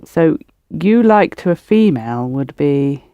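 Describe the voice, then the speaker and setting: A woman's voice: low voice, expressive, measured pace, clean tone, no room sound, narrow, tinny audio. Woman language tutor, patient step-by-step explainer, dry studio sound. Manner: explains step by step, coaxing learners to repeat. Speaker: language teacher. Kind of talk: patient spoken-method language lesson.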